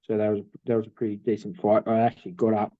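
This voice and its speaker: A young Australian man co-hosting a podcast, telling stories in a relaxed way with many fillers. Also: on the low side, quick pace, no room sound, phone-quality sound. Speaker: podcast co-host. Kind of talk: casual chat.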